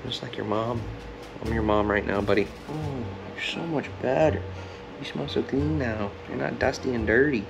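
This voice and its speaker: A man vlogging at home, talking in soft baby talk to a kitten while he bathes it. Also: mid-range voice, moderate pace, gravelly, highs cut off, music in the background. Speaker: fishing vlogger. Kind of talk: casual vlog talk. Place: indoors at home, bathing a kitten in a tub.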